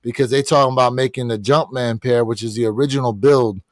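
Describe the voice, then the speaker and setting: A man's voice: fast, dry recording. Opinionated man on a dry stream mic. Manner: animated and opinionated, rises in pitch when excited. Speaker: co-host of a sneaker livestream. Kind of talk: casual livestream chat. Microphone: streaming setup.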